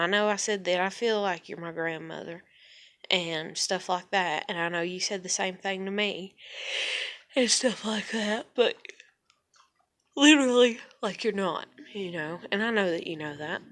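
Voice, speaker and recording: A woman's voice: mid-range voice, a bit bright. Blunt, profane woman venting to camera. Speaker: vlogger. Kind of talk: casual rant to camera.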